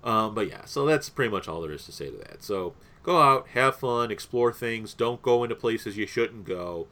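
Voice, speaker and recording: A man's voice: on the low side, animated, moderate pace, sharp tone. A young man co-hosting a podcast in casual, rambling chat, with many fillers. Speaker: podcast co-host.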